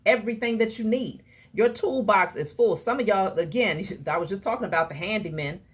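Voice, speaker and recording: A woman giving a casual tarot reading to her viewers, talking emphatically and in a preachy way straight to them, with a husky voice. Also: medium pitch, brisk. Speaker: tarot reader.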